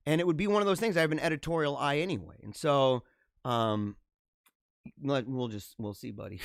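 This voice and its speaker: A man hosting a livestream, chatting casually and answering viewer comments in an animated, talkative way. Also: mid-range voice, brisk, creaky, no echo, studio quality. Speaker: livestream host.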